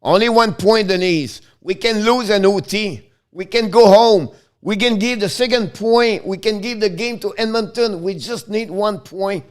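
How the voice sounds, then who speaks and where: Excitable hockey streamer. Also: male voice, high voice, a little slow, hardly any pauses. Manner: excitable, switches between English and French, talks to chat viewers. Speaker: hockey live-stream host. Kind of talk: live play-by-play commentary with chat.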